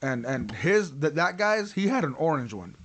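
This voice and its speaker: A man's voice: on the high side, very animated, moderate pace, a bit bright. A man hosting a podcast, telling a story in casual chat, full of swearing and fillers like "like" and "um.". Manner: profane, rambling with frequent fillers. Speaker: podcast host.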